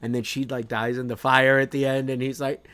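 A man's voice: mid-range voice, flat delivery, a little fast, fairly bright tone. Rambling man co-hosting a podcast. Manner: rambling, filler-heavy. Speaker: podcast co-host. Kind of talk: casual chat.

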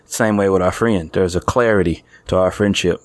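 A man in casual conversation, talking thoughtfully and haltingly with many fillers. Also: sits low, no room sound. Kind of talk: casual chat.

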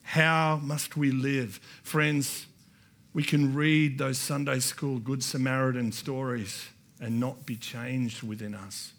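A man's voice: medium pitch, flat delivery, takes it slowly, fairly bright tone. A man with an Australian accent preaching a sermon in church, building to emphatic repeated lines and calling out to the congregation. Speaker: pastor. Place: church hall.

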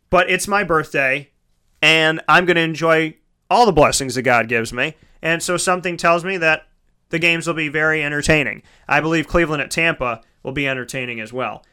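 A man's voice: on the high side, moderate pace, sharp tone, clear, resonant tone. A man hosting a casual solo sports talk show, chatty and rambling, correcting himself mid-sentence and calling his listeners folks.

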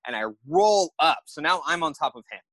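A man's voice: on the high side, fairly quick, no echo. Dry-sounding man telling a story. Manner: lively, acts out his own thoughts. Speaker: podcast guest. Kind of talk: animated storytelling.

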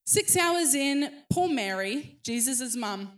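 A woman in her thirties preaching a sermon, telling a story with animated acted-out voices. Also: sits high, slow pace. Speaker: pastor.

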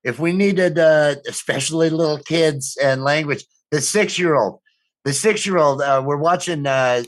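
A man's voice: a little high, normal speed. A middle-aged man co-hosting a podcast, telling rambling, profane family stories in casual chat with lots of restarts. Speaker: podcast co-host.

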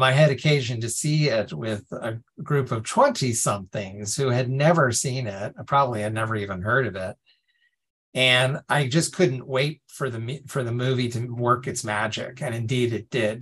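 A man co-hosting a podcast, chatting casually about his favorite things. He talks at a medium pitch, laughs easily and often starts his sentences over. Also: a bit bright, husky. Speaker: podcast co-host. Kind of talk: casual conversational chat.

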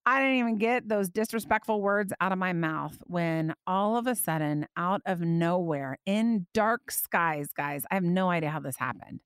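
A woman hosting a faith podcast, telling a personal story with animated, emotional delivery that climbs high when she quotes her prayers. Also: normal speed, clean tone, no room sound, clean studio sound. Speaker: podcast host.

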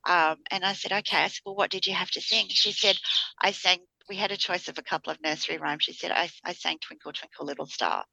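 A woman's voice: fairly low pitch, fast, gravelly, pushed and bright, dry recording, poor audio. A middle-aged woman, co-hosting a podcast in casual chat and acting out the people she quotes as she tells a story. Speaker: podcast co-host.

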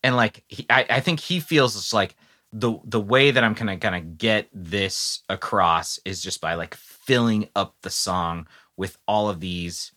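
A man's voice: on the low side, a little slow. A man co-hosting a podcast, chatting casually and sarcastically, with lots of fillers. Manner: animated, sarcastic, frequent fillers. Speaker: podcast co-host. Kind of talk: casual chat.

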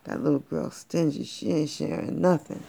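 A parent voicing a smooth-talking male street cat who speaks in slang and wheedles for food. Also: mid-range voice, fairly even intonation, normal speed, warm tone.

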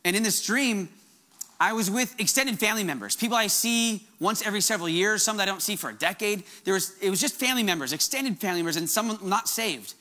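Fervent, animated male pastor preaching. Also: sits high, fast talker. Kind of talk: sermon.

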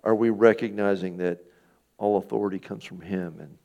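Male pastor, middle-aged, low gravelly voice, relaxed conversational sermon. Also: normal speed. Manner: conversational, asks the listeners questions, acts out quoted speakers.

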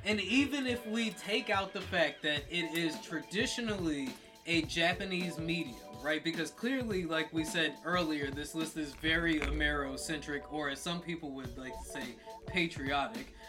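A man's voice: a little high, moderate pace, hardly any pauses, over music. A man co-hosting a podcast in casual banter, joking and arguing. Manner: joking, argumentative. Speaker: podcast co-host.

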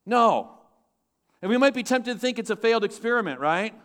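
A male pastor preaching a sermon with lively swings between loud, emphatic lines and hushed, low asides. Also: brisk.

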